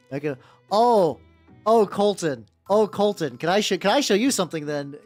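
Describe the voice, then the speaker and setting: Man from the US, casual stream chat, animated rising and falling pitch, soft music in the background. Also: unhurried. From United States. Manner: rambling, lots of "like" and restarts; higher-register male voice. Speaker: miniature-painting streamer.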